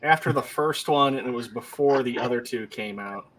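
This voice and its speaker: A man's voice: medium pitch, normal speed, a bit bright, slight background noise, poor audio. Teasing man in casual chat. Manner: teasing, dry jokes. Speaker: guest.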